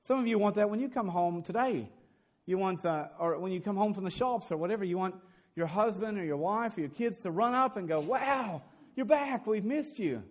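A man's voice: high voice, fairly quick. A man preaching a sermon as a pastor, earnest, often repeating words as he builds a point.

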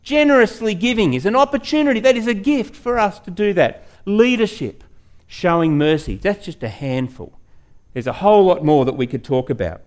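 Pastor guy preaching, emphatic, talks straight to the congregation w questions, pitch jumps all over. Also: lively intonation. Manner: emphatic, slows down to stress key words; rises and falls sharply in pitch and loudness. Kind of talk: sermon.

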